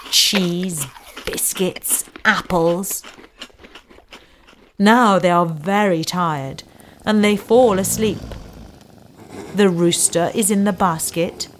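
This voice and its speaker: A woman narrating a children's story in slow, clear, simple phrasing. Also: lowish voice, slight background noise. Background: music.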